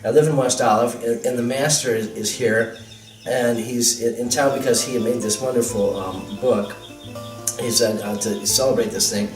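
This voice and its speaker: Male guest recounting an anecdote in a lively way, room-miked from a distance with faint music. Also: medium pitch, normal speed. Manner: animated, laughing, quotes voices. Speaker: guest telling his story. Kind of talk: casual storytelling. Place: temple hall. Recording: roomy sound from a distance, music.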